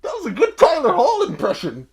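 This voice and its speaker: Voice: high-pitched, huge pitch swings, brisk, darkish tone, a little hiss or hum. A podcast co-host in playful, teasing casual chat, laughing often.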